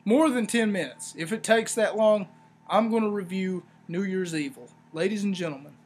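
High-pitched rambling male podcast host. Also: normal speed, breathy edge. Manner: rambling, sarcastic, animated asides. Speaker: wrestling review podcast host. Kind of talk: casual solo review talk.

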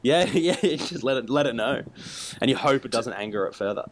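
A man's voice: medium pitch, expressive, fairly quick. A man in casual podcast chat, telling stories with self-mocking humor and frequent chuckles.

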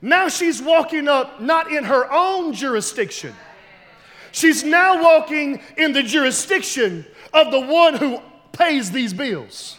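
A male pastor preaching a sermon, telling stories and building to loud, emphatic shouts. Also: very high voice, animated, slow pace, in a large hall.

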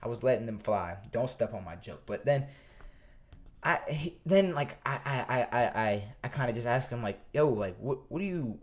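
A man co-hosting a podcast, telling a story in a profane, animated way with lots of stammers and restarts. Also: mid-range voice, moderate pace. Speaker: podcast co-host. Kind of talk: casual storytelling chat.

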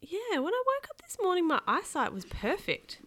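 A woman reading aloud, voicing a nervous ten-year-old boy in a high, squeaky, bewildered voice. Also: wildly swooping pitch, moderate pace, bright, forceful tone, exaggerated voice. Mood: surprised.

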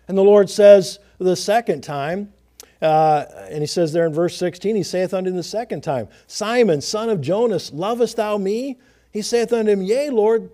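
A male preacher delivering a sermon, reading scripture in old-fashioned wording and swinging from loud, emphatic preaching to hushed, intimate asides. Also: high voice.

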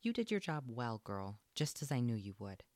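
A man voicing a calm, kindly husband and dog owner in a storybook, speaking reassuringly. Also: medium pitch, moderate pace, no room sound, natural voice.

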